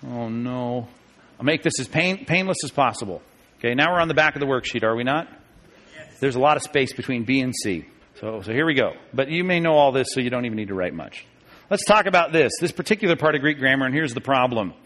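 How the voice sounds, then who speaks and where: A man's voice: mid-range voice, lively intonation, fast, fairly bright tone. A pastor teaching a Bible study class in a casual, conversational way, often checking in with his listeners with "okay?" and "right?". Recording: long reverb of a large hall.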